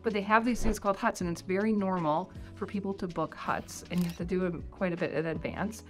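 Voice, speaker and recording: With a lower voice and a slightly fast delivery, an American woman chats about life in New Zealand in a casual talking-head vlog. She rambles, leans heavily on "like," and has music playing under her.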